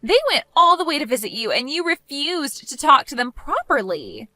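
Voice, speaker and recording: A woman voicing an entitled, self-righteous young woman who talks in a shrill, indignant, whiny way, as scripted story voice acting. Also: very animated, normal speed, sharp tone, no echo, heavily acted.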